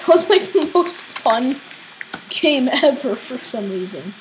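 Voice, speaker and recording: High, excitable woman gamer. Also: a little slow, a little hiss or hum, poor audio. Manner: excitable, squealing and shouting at opponents. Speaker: gaming channel host. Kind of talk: casual let's play commentary.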